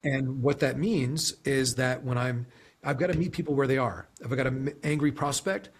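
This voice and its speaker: Guy on a podcast, kinda husky, rambling and reflective, lots of "you know". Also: medium pitch, normal speed. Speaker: podcast guest, sales leader. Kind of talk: conversational interview.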